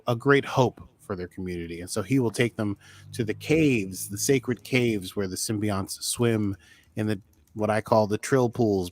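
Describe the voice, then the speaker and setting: A man co-hosting a podcast, recapping an episode in a chatty, joking way with sudden jumps in pitch. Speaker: podcast co-host.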